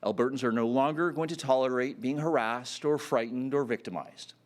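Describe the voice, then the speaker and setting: A man's voice: mid-range voice, moderate pace. A man giving a campaign speech at a public announcement, earnest and full of fillers and restarts. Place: announcement event.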